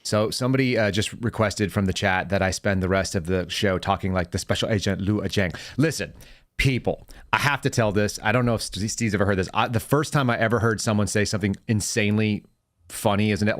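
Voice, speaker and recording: Male podcast host, ex-agent, low voice, rapid-fire rambling stories. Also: no echo, studio quality. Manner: rapid, rambling anecdotes with self-corrections. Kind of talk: casual podcast chat and storytelling.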